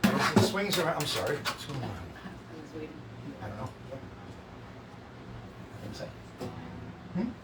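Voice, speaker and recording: A man hosting a live show, reading a stage script aloud with relaxed, offhand asides. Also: fairly high pitch, a little slow, pauses often, very noisy. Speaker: host reading a musical's script. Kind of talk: casual script read-aloud. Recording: echoey room, distant mic, guitar.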